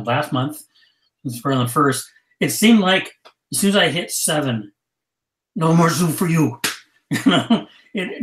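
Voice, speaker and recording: A man co-hosting a casual online chat, telling stories in a lively, joking way. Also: on the high side, roomy sound, poor audio. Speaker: podcast co-host.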